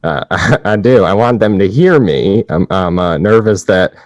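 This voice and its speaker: An actor playing a slow-talking, clueless newlywed man who stumbles through halting restarts. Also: low-pitched, animated, darkish tone, no echo, clean studio sound. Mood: sheepish. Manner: speaks slowly with halting restarts. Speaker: guest. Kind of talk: improvised comedy.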